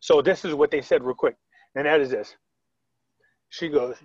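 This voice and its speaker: On a video call, a man interviewee tells a story in a casual, rambling way, retelling quotes with frequent restarts and long pauses. His voice is a little high and breathy at the edge, at a moderate pace, with a muffled, echo-free recording.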